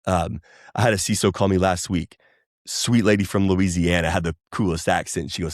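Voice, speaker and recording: A man, chatting casually as a podcast guest, rambling and animated. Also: sits low, fairly quick, no room sound, studio quality. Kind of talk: casual chat.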